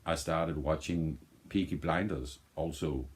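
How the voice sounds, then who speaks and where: His pitch sits extremely low and he takes his time. A Danish vinyl vlogger, he rambles casually in English, his second language, frequently restarting and feeling around for vocabulary.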